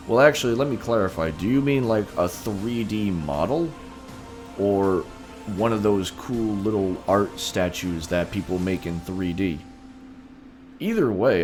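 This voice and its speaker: A man with a very low, deep voice chats playfully on a live stream. He hams up his role as a king and talks directly to his viewers, with faint music underneath. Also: darkish tone. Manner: playful and theatrical, talks straight to his chat. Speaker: streamer playing a king persona. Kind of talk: casual live-stream chat.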